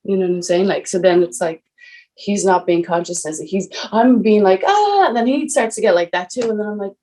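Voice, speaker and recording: A woman in a group session telling her own story quickly and animatedly, full of fillers. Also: mid-range voice, steady tone, dark tone. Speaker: participant in the session. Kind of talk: sharing a personal story.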